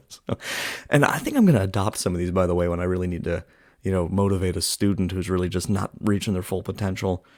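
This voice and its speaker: Deep-voiced man chatting through a film review. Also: quick pace, a little mellow, no echo, clean studio sound. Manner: chatty, many "like" fillers, acts out quotes from the film. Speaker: podcast host reviewing a film. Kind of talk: casual film review monologue.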